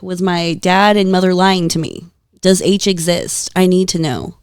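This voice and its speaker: A woman guest on a podcast, telling stories in a lively, casual way, swearing freely and laughing often. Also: on the low side, measured pace, clean tone, no echo, studio quality. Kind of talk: casual storytelling chat.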